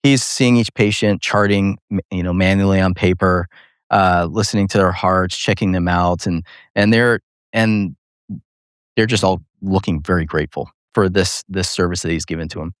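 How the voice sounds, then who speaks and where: A male neurosurgeon and podcast host telling a personal story in an interview, animated and laughing often, with many fillers. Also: deep voice, normal speed, smooth, no echo, studio quality.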